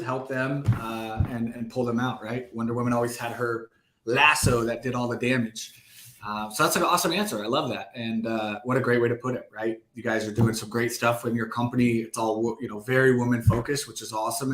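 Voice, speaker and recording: A man's voice: medium pitch, a little hiss or hum. A male host chatting casually and upbeat about cold calling in a live online session. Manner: upbeat, relaxed, casual filler-heavy talk. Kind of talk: live online sales chat. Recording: roomy echo.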